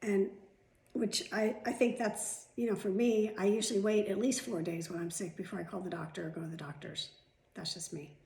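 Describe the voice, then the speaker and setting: A middle-aged woman talks to her camera at home in a loose, rambling way, drifting from one aside to the next and swearing now and then. Her voice sits at an ordinary, middling pitch. The room around her sounds echoey. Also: fairly even intonation, brisk, gravelly, darkish tone. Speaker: vlogger. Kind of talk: casual chat to camera.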